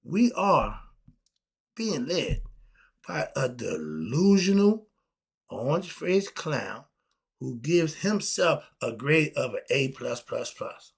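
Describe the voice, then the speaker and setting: A man ranting on his own commentary show, emphatic and animated, asking rhetorical questions and swinging between loud outbursts and low mutters. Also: slow pace, gravelly, husky. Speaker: commentary channel host. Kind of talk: unscripted solo rant.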